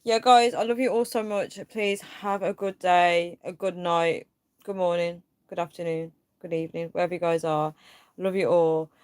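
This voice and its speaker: Casting: young woman, lowish voice, dry close sound, rambling livestream chat full of fillers. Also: fairly even intonation, normal speed, darkish tone, clear, resonant tone, dry recording. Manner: rambling, filler-heavy, frustrated venting. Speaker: livestream host. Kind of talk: casual livestream chat reading comments.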